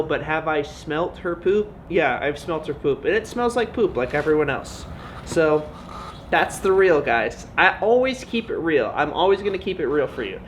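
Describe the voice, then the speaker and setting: A young man chatting in a casual vlog, his voice rising and falling all over the place and sitting a touch high for a man. He is goofy and animated, with sudden loud high yelps. A faint hiss of room noise sits under his voice. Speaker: vlogger.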